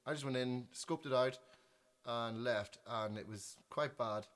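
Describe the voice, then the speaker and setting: A young Northern Irish man chats to his livestream viewers, spinning a funny story. He is self-deprecating and animated, often breaking off to correct himself. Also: mid-range voice, a little slow. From Northern Ireland. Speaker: musician on livestream. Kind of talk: casual storytelling.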